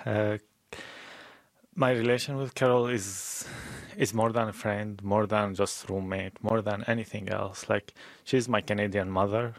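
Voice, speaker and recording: Low gravelly-voiced man, hesitant. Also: steady tone, unhurried, dry recording. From a conservative country abroad. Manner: hesitant, many restarts and fillers. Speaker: interview guest. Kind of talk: emotional radio interview.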